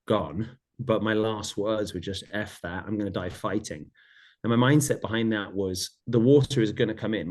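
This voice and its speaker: A man's voice: on the low side, darkish tone. A middle-aged man, a podcast guest, earnestly retelling a personal story in vivid detail, often repeating phrases.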